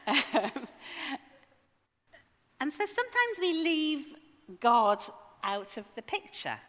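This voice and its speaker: A woman's voice: mid-range voice, sharp tone. A woman giving a sermon, conversational with wry asides to her congregation. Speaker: preacher. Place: church. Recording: long hall reverb.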